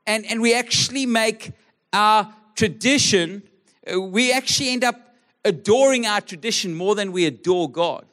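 A man from South Africa preaches to his church in a high, light voice. He talks conversationally and earnestly, stumbling and repeating words as he goes. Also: normal speed, a bit bright. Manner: conversational, earnest, frequent restarts and stammered repeats. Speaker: pastor. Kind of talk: sermon. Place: church service.

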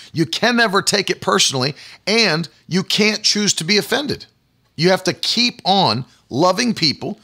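Gravelly, bright-voiced male preacher. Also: a little high. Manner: emphatic, repetitive, rhetorical questions to the congregation. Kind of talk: sermon.

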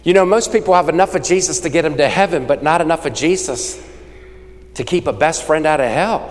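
A man preaching a sermon, rattling off lists fast and calling for responses from the congregation. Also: fairly high pitch, long reverb tail. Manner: rapid-fire, call-and-response with the crowd. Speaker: evangelist preacher.

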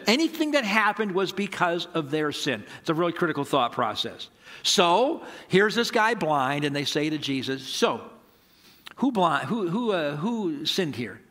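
A man's voice: fairly high pitch, a bit bright, big-room sound. A middle-aged male pastor giving a conversational sermon, asking rhetorical questions and acting out dialogue from his stories.

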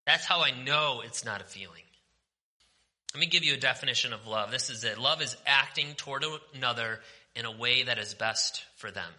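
A male pastor preaching a sermon with passion, moving from forceful declarations down to hushed, almost whispered lines. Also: medium pitch, moderate pace. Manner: impassioned, swings from forceful preaching to near-whispers.

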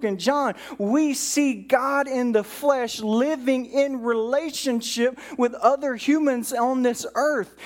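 A man preaching a relaxed, conversational sermon to a congregation in a church. He talks like he's chatting and often tosses in "right?" to check in with the room. Now and then he acts out bits of dialogue. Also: very high voice. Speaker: pastor.

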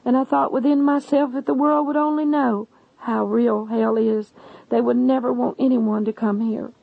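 Woman preacher, earnest testimony sermon, gravelly voice, dull lo-fi dry recording. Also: a little high, fairly even intonation, normal speed, dry recording. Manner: earnest, addresses listeners as "my friend".

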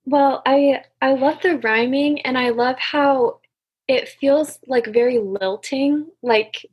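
A woman's voice: sits high, takes it slowly, slightly rough, lo-fi sound. A woman chatting eagerly and casually about a poem, with many fillers. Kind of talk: casual chat.

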